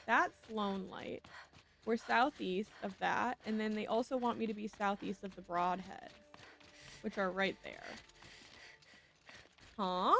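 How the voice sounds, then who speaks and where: A woman's voice: medium pitch, fairly even intonation, slow pace, gravelly, pauses often, fairly bright tone, slight background noise. A young woman streaming a video game, chatting casually, swearing now and then and reading game text aloud. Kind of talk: casual gameplay commentary. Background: game music.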